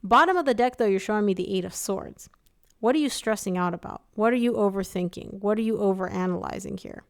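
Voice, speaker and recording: A woman's voice: medium pitch, brisk, creaky. A young woman doing a casual live tarot reading, chatty and sympathetic, with lots of "like" and "um". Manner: chatty, empathetic, filler-heavy with frequent "like" and "um". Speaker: tarot reader.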